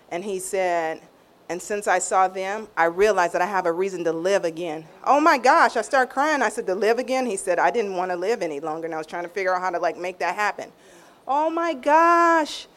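A woman with a mid-range voice shares a heartfelt personal testimony, acting out what people said in a raised, lively voice. She shifts to a near-hush when she turns tender. Her delivery is vivid and earnest. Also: mid-range voice. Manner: animated storytelling, acts out quotes in raised tones. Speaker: guest sharing a testimony.

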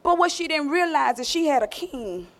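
High-voiced, emphatic woman preacher. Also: animated, normal speed. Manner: emphatic, calls out to the congregation. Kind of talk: sermon.

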